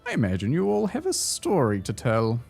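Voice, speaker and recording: A man voicing a hideous ancient hag who poses as a kindly old woman, crooning in a high, wavering voice. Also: wildly swooping pitch, a little fast, gravelly, darkish tone, husky, faint music behind, full character voice.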